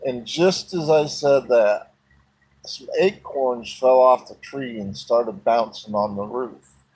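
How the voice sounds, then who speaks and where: Man telling his own story in a folksy, plain-spoken way, unhurried, with a husky voice. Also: mid-range voice, a little mellow, low-quality recording.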